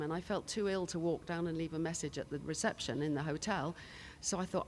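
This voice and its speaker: A woman's voice: on the low side, brisk, hardly any pauses, slight background noise. An older British woman on a conference stage, telling chatty anecdotes with asides into a handheld mic. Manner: chatty, storytelling with laughs and asides. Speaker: conference panelist. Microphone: handheld microphone.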